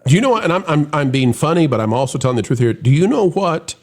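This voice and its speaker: A man hosting a casual online panel chat, mocking and animated, ending with a showman-style sign-off. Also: a little high, quick pace. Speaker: host.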